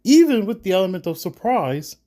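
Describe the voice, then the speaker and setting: A proud, cautious warrior companion, as a male narrator puts him on in a fantasy read-along, pompous and blustering as he protests. The voice sits above the narrator's usual pitch, mellow in tone and slow in delivery. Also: big pitch swings, breathy edge, heavily acted. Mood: protesting.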